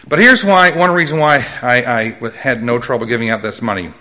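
A middle-aged man preaching his life testimony with a loud voice, telling his story with lively jumps in pitch. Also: brisk. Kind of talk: testimony sermon.

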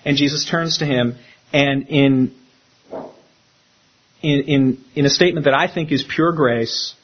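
A man, a pastor, preaching a sermon in an animated way and acting out the quotes he tells. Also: mid-range voice, measured pace, lo-fi sound.

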